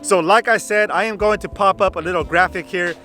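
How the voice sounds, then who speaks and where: Chatty male channel host, fairly high voice, faint background music. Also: fairly quick, pushed and bright. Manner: chatty, repeats "go ahead", frequent "uh" fillers. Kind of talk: casual game guide commentary.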